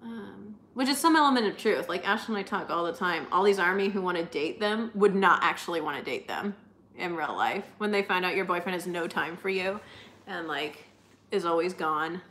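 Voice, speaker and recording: A woman's voice: on the low side, normal speed, a bit bright, a little hiss or hum. Chatty young woman, rambling fan talk. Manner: chatty, rambling with many fillers. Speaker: live stream co-host. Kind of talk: casual chat with viewers.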